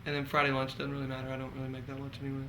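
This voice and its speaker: A man's voice: medium pitch, completely flat delivery, rapid-fire, noisy background. A man telling candid, campy stories to friends as a casual vlog, laughing often. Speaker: vlogger. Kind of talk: casual gossipy storytelling.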